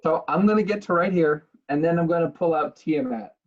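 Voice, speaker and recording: A man's voice: fairly high pitch, brisk. A man playing in a tabletop game, speaking in dry, plain statements over a muffled microphone. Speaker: player. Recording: dull, muffled mic.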